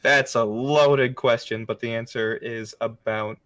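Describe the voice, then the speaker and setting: A young man with a mid-pitched voice answers a rapid round of questions. His replies are dry and witty. The talk is a relaxed chat between friends. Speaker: podcast co-host. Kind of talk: casual chat, quick-fire answers.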